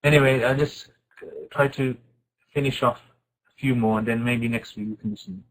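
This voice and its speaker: A man teaching an informal Quran class, asking his students questions and reciting Arabic verses quickly. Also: mid-range voice, poor audio. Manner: lively, asks the class questions and answers them.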